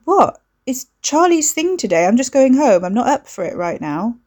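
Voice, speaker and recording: A woman performs an exasperated young man who stumbles and swears when cornered, pitching her voice above her own. It comes out high, very animated, and darkish in tone at a moderate pace.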